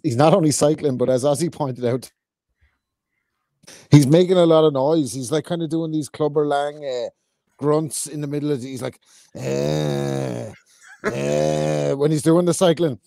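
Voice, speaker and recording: A man's voice: a little high, moderate pace, dark tone, no room sound, clean studio sound. A man co-hosting a casual podcast, sweary and amused as he fills the listeners in. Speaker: podcast co-host.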